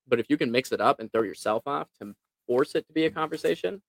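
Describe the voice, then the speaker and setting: A man's voice: medium pitch, lively intonation, fast, vocal fry, dry recording. Man explaining his sales approach, dry sound. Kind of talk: casual chat.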